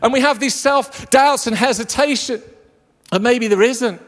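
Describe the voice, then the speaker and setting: A man preaching a lively, jokey sermon to a live congregation. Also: very high voice, a little slow. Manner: enthusiastic, jokey storyteller. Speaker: pastor. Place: church hall with a live congregation. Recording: long reverb of a large hall.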